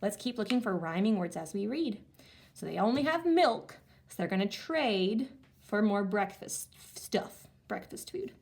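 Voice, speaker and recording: A woman teacher leading a reading lesson for young children, sounding out words slowly and reacting with animated excitement. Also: medium pitch. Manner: animated, exaggerated excitement with gasps and slow sounding-out.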